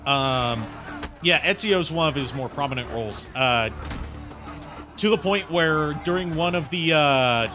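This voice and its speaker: A man's voice: a little high, lively intonation, unhurried. A man streaming a game and chatting casually, rambling and opinionated with lots of fillers. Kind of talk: casual gameplay commentary. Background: game music.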